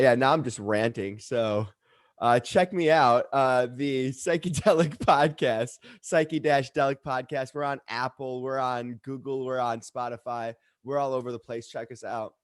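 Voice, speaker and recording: A man's voice: mid-range voice, moderate pace, no echo, clean studio sound. A man performing a poem at an online open mic, earnest but stumbling and self-deprecating. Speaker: poet performer. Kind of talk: poetry reading then casual chat. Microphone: video call.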